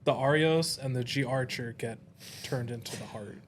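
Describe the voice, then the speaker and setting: A man's voice: medium pitch, moderate pace, a little hiss or hum. A man co-hosting a podcast in casual chat, speaking in a dry, matter-of-fact way with teasing asides. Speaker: podcast co-host.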